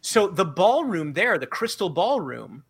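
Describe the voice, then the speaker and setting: A man's voice: high voice, a little slow, gravelly, crowd noise. A man co-hosting a podcast, telling stories in casual chat with many fillers. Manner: animated storytelling, many fillers. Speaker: podcast co-host.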